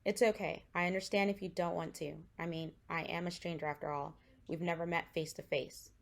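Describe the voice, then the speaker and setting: A woman voicing a kind, patient young man who speaks gently and reassuringly. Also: on the low side, fairly even intonation, fairly quick, creaky. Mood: gentle.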